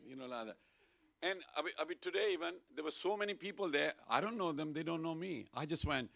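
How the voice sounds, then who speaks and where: A man gives a casual sermon in a temple hall, with a gravelly edge to his voice. He keeps it playful and lively and draws the listeners into call-and-response chanting. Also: on the high side, fast talker. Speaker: temple speaker. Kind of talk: informal sermon to a congregation.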